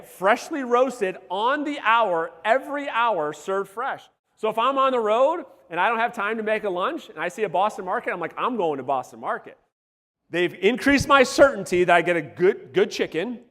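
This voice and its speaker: Male sales coach, high voice going hoarse, punchy and profane, working a seminar crowd in a reverberant hall. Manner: energetic, profane, calls out to the audience. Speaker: real estate sales coach. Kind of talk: live seminar talk to a room. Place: seminar room before a live audience.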